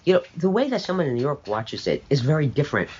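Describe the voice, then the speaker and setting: An older woman talks in an interview with blunt, sardonic conviction, leaning hard on her points. Her pitch jumps around animatedly, and she drifts into long asides before landing the punchline. The recording sounds slightly dull, with a soft hiss underneath. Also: very animated, fast talker. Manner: emphatic, opinionated, sardonic with rambling asides. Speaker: interview guest. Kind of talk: conversational interview.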